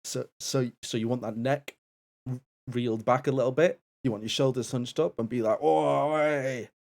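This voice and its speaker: A man's voice: medium pitch, brisk, a little mellow. A man co-hosting a charity live stream in casual banter, easygoing and often restarting his words. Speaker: co-host and assistant of a stream event.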